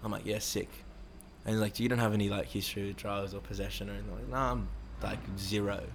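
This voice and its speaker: A man's voice: on the low side, level tone, fast, creaky, slight background noise. A young man telling a rambling story in casual, sweary talk, acting out quoted voices. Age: young adult. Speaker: interviewee.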